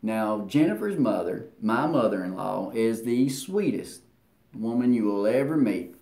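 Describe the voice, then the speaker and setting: A man's voice: lowish voice, a little slow. A man co-hosting a show and telling a long, self-deprecating story, acting out what people said. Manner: animated, self-deprecating, acts out quotes. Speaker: co-host. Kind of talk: rambling anecdotal storytelling. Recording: roomy echo.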